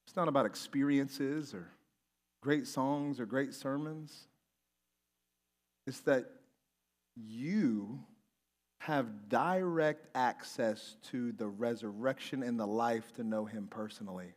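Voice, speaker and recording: A man preaching a sermon as pastor, moving between quiet scripture reading and loud, impassioned preaching. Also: medium pitch, slow, pauses often. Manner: reads scripture aloud between comments.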